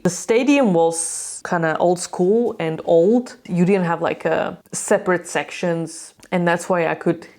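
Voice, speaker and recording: Ranting woman from Slovakia, lowish voice. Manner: animated storytelling, acting out quotes, sarcastic. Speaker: hockey vlogger. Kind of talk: casual ranting vlog.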